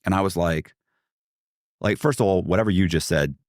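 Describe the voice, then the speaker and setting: Low-voiced man telling a story. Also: normal speed, dry recording, studio quality. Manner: animated, acts out quoted voices, many fillers and restarts. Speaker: guest. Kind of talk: storytelling in a podcast interview.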